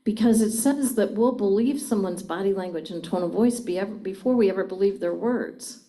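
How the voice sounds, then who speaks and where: A woman's voice: medium pitch, a little fast, warm tone, rough recording. A middle-aged woman presenting a communication seminar to a live audience, engaging them with frequent questions. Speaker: communication trainer.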